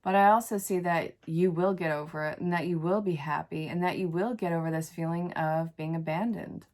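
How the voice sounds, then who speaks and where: A woman's voice: lowish voice, steady tone, fairly quick, a little mellow. A woman in her thirties with the sniffles, giving a casual tarot reading in a frank, encouraging way and talking straight to the viewer. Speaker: tarot reader.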